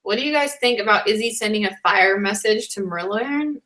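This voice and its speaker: Bright, giggly young woman set a bit off-mic. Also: medium pitch, moderate pace, recorded from a distance, low-quality recording. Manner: giggly, chatty. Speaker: co-host. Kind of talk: casual live-stream chat. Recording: voice a little off-mic.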